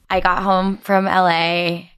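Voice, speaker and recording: A woman in her thirties, a podcast guest telling a story in casual chat and acting out what everyone said. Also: clear, resonant tone. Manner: animated storyteller, acts out quotes with big pitch jumps.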